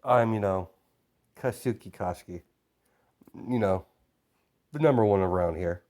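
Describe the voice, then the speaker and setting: A man's voice: lowish voice, unhurried, darkish tone, lightly acted. A man doing a cocky tough schoolgirl brawler. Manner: blunt and cocky, with fillers.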